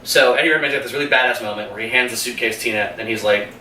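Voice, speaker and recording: A man co-hosting a casual movie review, retelling scenes in an animated way, swearing freely and laughing often. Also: mid-range voice, very fast. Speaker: podcast co-host. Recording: roomy room, mic at a distance, faint hum.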